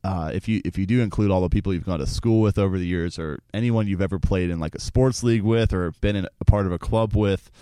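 A man's voice: low voice, fast, few pauses, dark tone, clean tone, no room sound. A young man co-hosting a radio talk show, chatting in an easygoing way in a studio. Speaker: radio co-host.

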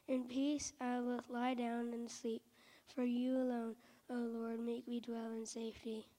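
Woman reading scripture in a flat, mellow tone. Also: on the high side, poor audio. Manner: measured, solemn reading. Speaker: scripture reader. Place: church service.

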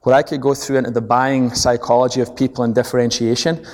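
A man's voice: mid-range voice, quick pace. A middle-aged man with a Scottish accent giving a business seminar, telling stories with energy and checking in with the audience. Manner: animated storytelling, checks in with the audience. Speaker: seminar speaker. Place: large presentation hall. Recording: long echo of a large hall.

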